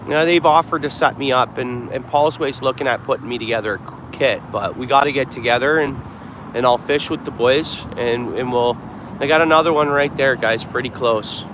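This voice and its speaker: A man's voice: medium pitch, moderate pace. A man chatting to viewers on a live stream while fishing outdoors, thinking aloud as he goes. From Canada. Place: outdoors by the water. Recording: clear outdoor background noise.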